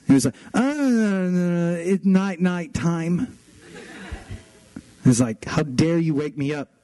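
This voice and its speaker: A young man preaching a sermon, telling family stories with animated voices for his toddler son. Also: on the high side, dry recording, low-quality recording. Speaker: pastor.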